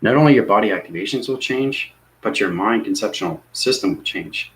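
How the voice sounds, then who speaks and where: Man, lower voice, spiritual teacher, earnest, repetitive, rambling talk. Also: expressive, fairly quick, low-quality recording.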